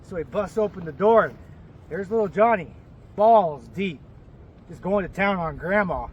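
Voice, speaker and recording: A man's voice: high voice, expressive, measured pace, pauses often, slightly rough, distant mic. A man casually telling a crude joke outdoors. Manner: casual storytelling, crude language. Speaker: joke teller.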